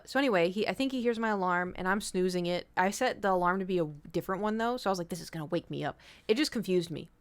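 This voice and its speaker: A woman streamer chatting casually with viewers, telling a rambling story with swearing and the odd whispered aside. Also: medium pitch. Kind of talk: casual chat.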